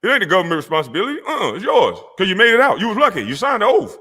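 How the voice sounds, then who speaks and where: A middle-aged man hosting his own channel, delivering an angry, profane rant to camera, mocking and confrontational, breaking into laughs and shouts. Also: high-pitched, wildly swooping pitch, racing, slightly rough. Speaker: channel host. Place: Georgia, USA.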